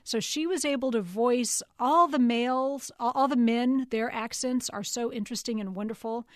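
A woman from Texas talks about her writing in a relaxed interview. Her voice sits fairly high and her delivery is animated, full of restarts and easy laughter. The sound is close and dry. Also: moderate pace, no room sound. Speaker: novelist guest. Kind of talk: casual interview chat.

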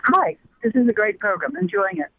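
A woman's voice: medium pitch, animated, fairly quick, husky, no room sound. A woman calling a radio show, articulate and chatty, heard over the phone. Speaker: caller. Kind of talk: radio call-in chat. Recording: phone-line sound.

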